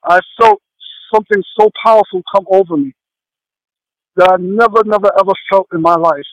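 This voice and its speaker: Earnest man telling a heartfelt story, halting delivery, high-pitched voice, dry close sound. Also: fairly even intonation, dry recording, poor audio. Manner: halting, with many pauses and fillers. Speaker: guest sharing a personal testimony. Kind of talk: emotional personal testimony.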